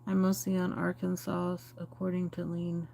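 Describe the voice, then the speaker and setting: Woman, low voice, casual livestream chat, rambling, candid, phone mic. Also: monotone, moderate pace, vocal fry, warm tone, slight background noise. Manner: rambling, candid, answers viewer comments. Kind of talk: casual live-stream chat.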